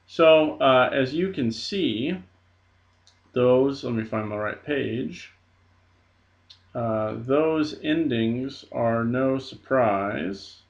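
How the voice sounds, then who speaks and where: Guy teaching a lesson step by step, lotsa uh's, mid pitch, muffled lo-fi audio. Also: fairly bright tone. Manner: patient, methodical, frequent uh fillers. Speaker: Greek teacher. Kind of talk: recorded lesson. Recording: dull lo-fi recording.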